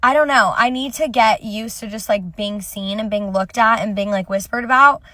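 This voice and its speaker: A young TikTok creator films a casual selfie rant, speaking brashly to the camera and swearing frequently. Her medium-pitched voice is bright and forceful, delivered at a normal speed with no echo.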